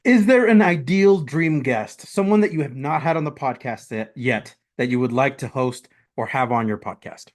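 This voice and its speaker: A man hosting a podcast interview, asking questions and offering quick encouraging affirmations. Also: mid-range voice, expressive, darkish tone. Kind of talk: casual interview.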